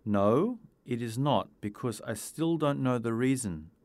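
Man doing a firm detective, storybook reading, lively pitch, dry close sound. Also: measured pace, no room sound, close to an everyday voice. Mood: stern. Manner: pressing, firm questioning. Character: stern male detective, persistent.

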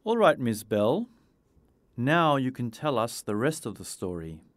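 A man's voice: mid-range voice, very animated, unhurried, no room sound. A man voicing a persistent male detective who questions firmly. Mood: stern. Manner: pressing, firm questioning.

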